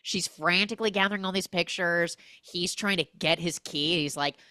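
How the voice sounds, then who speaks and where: A young adult woman hosting a casual, comedic film recap podcast, acting out the characters' lines in quick, exaggerated voices. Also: fairly low pitch, bright, forceful tone, dry recording, studio quality.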